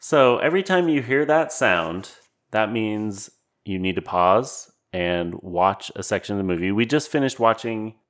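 A man's voice: on the low side, lively intonation, measured pace, fairly bright tone. A man co-hosting a casual podcast chat, joking through mock-serious exaggerations. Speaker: podcast co-host.

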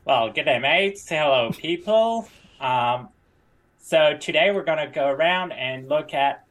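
A man voicing a panicky male tour guide in a poorly done fake Australian accent, breaking into high yelps. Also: expressive, slow pace. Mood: hearty. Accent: fake Australian, done badly. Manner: yelps and shouts in high bursts.

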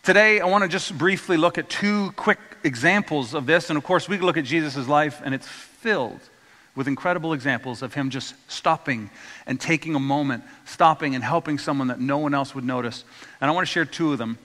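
A man preaches a storytelling sermon, his bright voice sitting a little high. He acts out the voices in the stories and asks the congregation to repeat words after him. The sound carries a long hall reverb. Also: brisk. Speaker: pastor.

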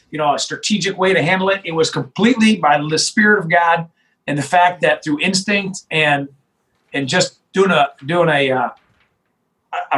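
Speaking a little high, a middle-aged sheriff gives an interview about his experience, emphatic and animated, often starting sentences over. The recording is rough.

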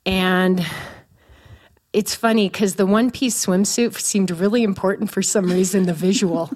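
Give me a woman in her forties with a clear, middle-pitched voice who tells a personal story in a relaxed, conversational way. She pokes fun at herself and laughs now and then, and she talks like a guest opening up on a chat show. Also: moderate pace. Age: 40s. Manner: candid, self-mocking, laughs as she tells it.

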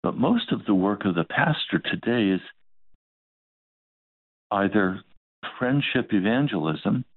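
A man's voice: lowish voice, lively intonation, a little slow, pauses often, no room sound. A male pastor preaching a sermon, telling a story and acting out both sides of the dialogue. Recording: dry, phone-like narrow sound.

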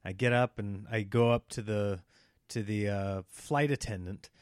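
A man in his thirties telling a story in casual chat, animated and slipping into the voices of people in it. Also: fairly low pitch, unhurried, no room sound, clean studio sound.

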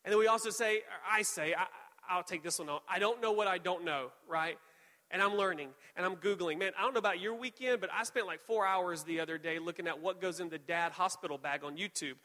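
A young male pastor with a high, bright voice that carries through a church hall with a long reverb tail. He preaches conversationally, an animated, self-deprecating storyteller. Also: a little fast. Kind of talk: sermon with personal storytelling. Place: church auditorium.

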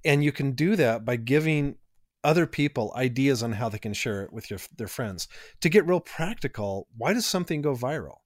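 Lively teacherly man on a dry mic. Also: medium pitch, moderate pace, no echo. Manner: energetic, teacherly, builds lists. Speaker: podcast co-host. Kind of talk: casual podcast conversation.

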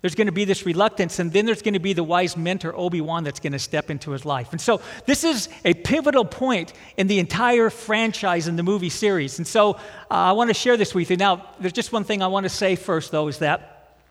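A man's voice: sits high, a little fast. A man preaching a sermon in a conversational, self-deprecating way with dry jokes. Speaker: pastor. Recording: long hall reverb.

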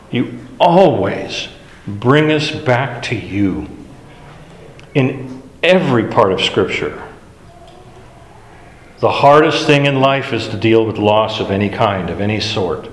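A man leads a Bible class at an unhurried, deliberate pace, talking plainly and poking fun at himself. His voice rings around a reverberant meeting room with a long tail, and a faint hiss sits under the recording. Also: on the low side. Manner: slow, conversational, self-deprecating. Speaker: Bible study teacher.

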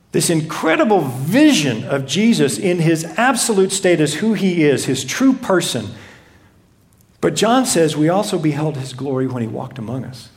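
A man preaching a sermon, reading scripture and retelling it expressively with dramatized voices. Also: a little high. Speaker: pastor.

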